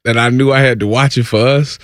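A man co-hosting sports talk radio, reading out news items in a mid-pitched voice and chiming in casually. The sound is close and dry, with no room around it. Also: steady tone, fast talker, fairly bright tone, no echo.

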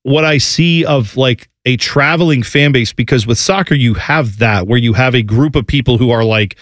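A man hosting a casual talk show, animated and jokey, rambling through his points with plenty of asides. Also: mid-range voice, normal speed, no room sound, studio quality. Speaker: podcast host. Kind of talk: casual chat.

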